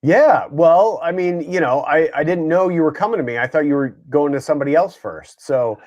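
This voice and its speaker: A man's voice: on the high side, fairly quick, darkish tone, dull audio. A man co-hosting a casual group chat, talking in an easygoing, rambling way with many fillers. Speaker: co-host.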